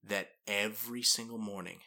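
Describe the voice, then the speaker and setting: A man co-hosting a casual podcast, relaxed and dry as he agrees and tells his own stories. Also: on the low side, moderate pace. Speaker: podcast co-host.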